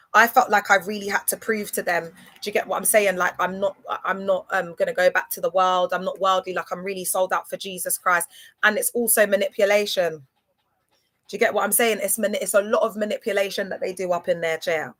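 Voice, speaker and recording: A woman hosting a casual live stream, talking fast and slangy and often checking whether listeners follow her. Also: medium pitch. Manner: animated, slangy, asks "do you get what I'm saying". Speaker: livestream host.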